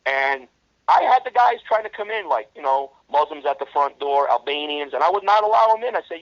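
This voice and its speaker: A middle-aged man, telling rough street stories in a casual interview, blunt and heavy on the swearing. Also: fairly high pitch, animated, a little fast, no room sound. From New York. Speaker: interview guest. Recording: dull lo-fi dry recording.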